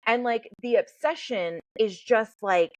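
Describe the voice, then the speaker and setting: A woman's voice: on the high side, unhurried, dry recording, muffled recording. A woman hosting a podcast and working as a life coach. She talks candidly and bluntly, swears freely and tells stories with animation. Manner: blunt, profane, animated storytelling.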